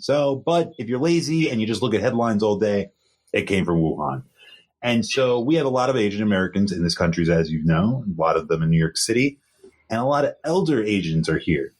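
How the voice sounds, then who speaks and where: A young man co-hosting a podcast in casual news chat, earnest and repeating himself for emphasis. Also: lowish voice. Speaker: podcast co-host.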